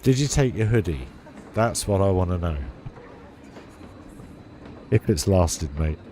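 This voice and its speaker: Chatty man streaming, low mellow voice. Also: expressive, measured pace, slight background noise. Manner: chatty, laughs often, reads chat aloud. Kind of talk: casual live-stream chat. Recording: faint music behind.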